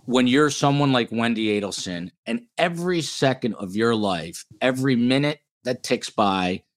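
A man's voice: medium pitch, animated, normal speed. A man from New Jersey hosting a true-crime podcast in casual chat, reading out viewer comments. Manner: chatty, reads out viewer comments. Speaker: podcast host.

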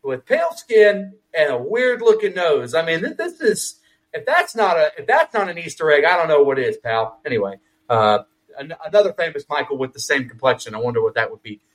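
A man co-hosting a film review podcast, chatting casually with lots of swearing and quick asides. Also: a little high, sing-song, low-quality recording. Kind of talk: casual chat.

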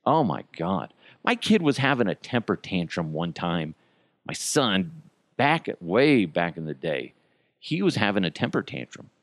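A middle-aged man hosts his podcast alone, airing everyday gripes in a loose, profane rant full of chuckles. His voice sits on the low side but leaps up and down expressively. The sound is close and dry, with no room around it. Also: sing-song, measured pace, dry recording. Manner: profane, chuckling, exasperated venting. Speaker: podcast host. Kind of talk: casual ranting monologue.

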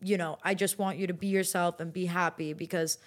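A woman's voice: fairly low pitch, steady tone, a little fast. A young woman in her twenties talking casually as a guest in an interview, with many fillers and restarts. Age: 20s.

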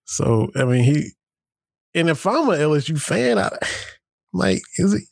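A man's voice: fairly high pitch, sing-song, a little slow, creaky, darkish tone, husky, no echo, clean studio sound. A middle-aged man from southeastern Kentucky, joking through casual sports chat as a podcast co-host. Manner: laughs often, folksy and joking.

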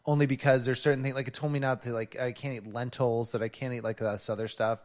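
A man's voice: mid-range voice, fairly even intonation, fast, big-room sound. A man co-hosting a casual podcast chat, joking and self-mocking as he talks. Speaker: podcast co-host. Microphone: studio microphone, close.

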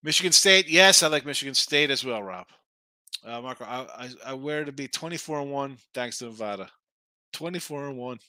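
A man's voice: medium pitch, animated, a little fast, pushed and bright, dry recording. Middle-aged male betting host, rambling and opinionated, dry close sound. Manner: rambling, opinionated, with frequent restarts. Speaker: sports betting show host. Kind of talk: casual sports betting talk.

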